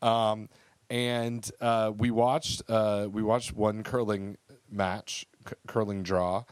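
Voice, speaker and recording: A man's voice: on the low side, level tone, takes it slowly, clean tone, dry recording. A man co-hosting a podcast, chatting casually and rambling with lots of fillers and restarts. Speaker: podcast co-host.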